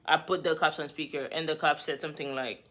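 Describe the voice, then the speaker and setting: A woman vlogger telling a story in a lively, conversational way, talking straight to the viewer. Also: deep voice, fast. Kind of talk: storytime vlog.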